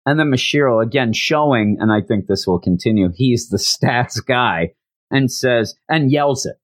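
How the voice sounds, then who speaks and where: A man recapping an anime in a casual, animated storytelling way, with frequent stammers and restarts. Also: mid-range voice, moderate pace, dry recording.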